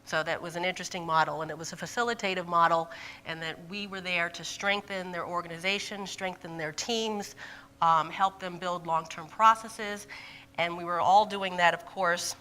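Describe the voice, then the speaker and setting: A lively, expressive woman delivers a conference presentation, speaking quickly and laughing often. Her voice is clear and bright, though pitched on the lower side.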